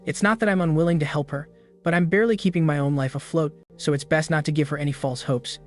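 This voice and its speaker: A man's voice: a little high, fairly even intonation, fast talker. Man narrating a story in a raised voice. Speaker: recap narrator. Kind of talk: scripted first-person story narration. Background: background music.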